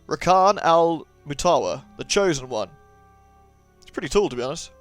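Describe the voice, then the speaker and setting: A man's voice: medium pitch, sing-song, moderate pace, pauses often. A man talks over his gameplay in a loose, jokey way, ribbing the characters and reading bits aloud. His voice sits mid-range, casual and sarcastic, with the game's music playing faintly underneath. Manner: joking, sarcastic, chatty. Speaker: let's play host. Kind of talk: gameplay commentary.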